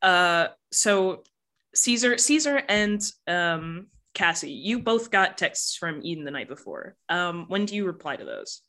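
A woman's voice: on the low side, very animated, a little slow, sharp tone. A woman game master narrating an actual-play game casually, with many fillers.

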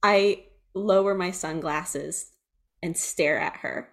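A woman playing in a tabletop role-playing game, calmly describing her character's moves. She speaks slowly and casually, in a mid-range voice. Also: fairly low pitch. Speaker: player.

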